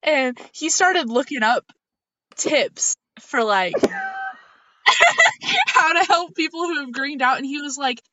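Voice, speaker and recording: A woman's voice: high voice, wildly swooping pitch, slow, pauses often, pushed and bright, a little hiss or hum. A young woman co-hosting a podcast, telling a rambling story in casual chat and laughing often. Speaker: podcast co-host. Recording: slightly dull lo-fi audio, dry.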